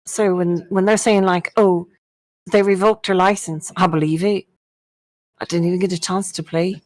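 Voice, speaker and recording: A woman chatting excitedly while joining a flight-sim multiplayer session, gushing and theatrical, loud and playful. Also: fairly low pitch, normal speed, low-quality recording. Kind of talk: excitable gaming chat.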